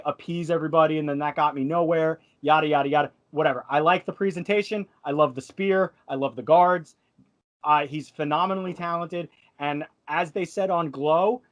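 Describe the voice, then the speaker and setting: Eager male panelist, high-pitched, opinionated and chatty. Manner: enthusiastic and opinionated. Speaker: wrestling podcast panelist. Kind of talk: casual panel chat.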